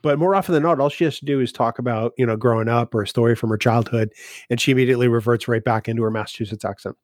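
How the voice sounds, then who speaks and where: A man's voice: medium pitch, steady tone, racing, darkish tone, no echo. A man, telling family stories in a casual chat with dry humor. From New Hampshire. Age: 50s.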